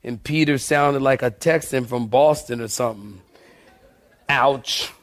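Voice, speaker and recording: A man preaching a sermon as pastor, animated and joking, calling out to the congregation. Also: medium pitch, unhurried.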